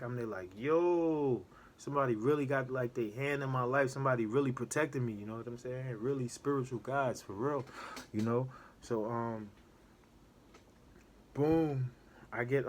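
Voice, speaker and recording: A man casually telling a story from his time in prison in a relaxed street manner, checking in with "know what I'm saying" again and again. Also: mid-range voice. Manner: laid-back street talk, keeps asking "know what I'm saying".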